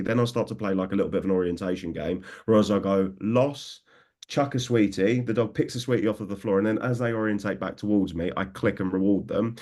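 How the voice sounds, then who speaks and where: A man's voice: fairly low pitch, mellow. A man in his thirties, a dog trainer, talking enthusiastically in a conversational interview and acting out what others said. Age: 30s. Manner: enthusiastic, acts out quoted remarks.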